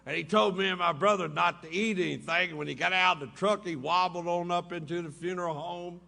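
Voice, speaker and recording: Briskly and in a steady tone, a man with a high, creaky, pushed and bright voice gives a humorous storytelling talk at a recovery meeting in a hotel ballroom. His tales are folksy, and he laughs with the audience at his own jokes.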